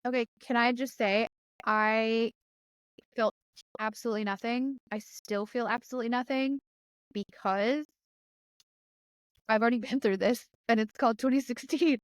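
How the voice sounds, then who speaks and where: A woman journalist from Georgia, hosting a casual political discussion and telling stories in a chatty, animated way. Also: a little high, normal speed, pauses often, smooth, no echo. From Georgia, USA. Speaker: journalist and podcast host.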